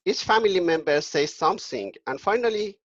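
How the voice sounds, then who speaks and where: Halting man telling a folk tale. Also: high voice, animated, no echo, muffled recording. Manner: halting, with many restarts and fillers. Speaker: storyteller. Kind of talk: casual storytelling.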